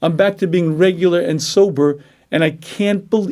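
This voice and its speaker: A man giving a Jewish ethics lecture, clearing his throat often and driving points home with rhetorical questions. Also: high voice, normal speed, dark tone. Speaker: Torah lecturer. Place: lecture room.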